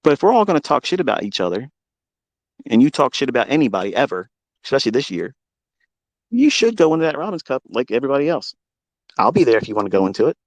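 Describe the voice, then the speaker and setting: Man, brash profane rant, combative and boastful, dry close sound, mid-pitched voice. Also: very animated, fast, pauses often, dry recording. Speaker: trading mentor hosting a live audio room. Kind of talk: unscripted live audio rant.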